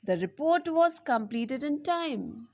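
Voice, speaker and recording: A woman teaching a class in a high voice. She speaks very slowly, breaking her example sentences into single words and repeating them as if writing them on a board. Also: very animated. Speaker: lecturer. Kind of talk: slow classroom lecture, dictating examples.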